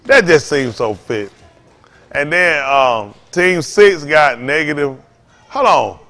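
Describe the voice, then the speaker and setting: At a slow pace, an older male pastor with a slightly high voice gives an informal, conversational sermon full of stories. His manner is folksy and animated, rooted in Southern Black church vernacular, and he loops back to repeat phrases.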